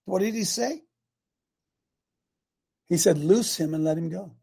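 An older man hosting a casual morning show, preaching in a folksy, emphatic way and swinging from loud declarations to quiet asides. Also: high-pitched, measured pace, vocal fry, husky. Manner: folksy, emphatic, rises and drops loudness for effect. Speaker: host.

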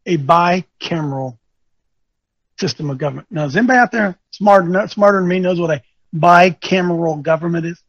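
A man coaching an audience, speaking in an animated, teasing way that quizzes listeners with questions and thinks aloud. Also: high voice, brisk, no echo, dull audio. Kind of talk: lecturing talk with rhetorical questions.

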